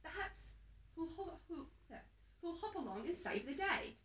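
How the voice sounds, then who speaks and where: A woman doing a smooth, knowing male professor. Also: very high-pitched, lively intonation, normal speed, fairly bright tone, voice pushed up. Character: smooth-talking male professor, a disguised villain rabbit. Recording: echoey room, phone held away.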